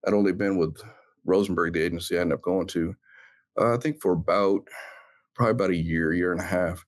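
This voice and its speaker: Deep-voiced man telling an earnest story. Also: fairly even intonation. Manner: earnest, reflective, halting with many fillers. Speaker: guest, former police officer. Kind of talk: personal storytelling in an interview.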